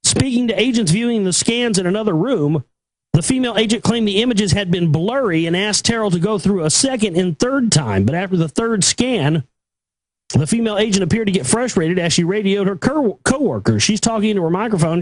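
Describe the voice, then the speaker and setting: Angry guy ranting on his show, swears a lot, yells, high voice, dry sound. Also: animated, fairly quick, no room sound. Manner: aggressive, profane, escalating to shouting. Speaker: talk show host. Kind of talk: angry rant.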